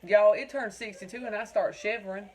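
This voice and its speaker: On her craft livestream, a North Carolina woman with a Southern American accent reads viewer comments and answers them by name in a folksy, casual chat. She talks briskly in a medium-pitched, slightly mellow voice with a breathy edge, and the recording is low quality.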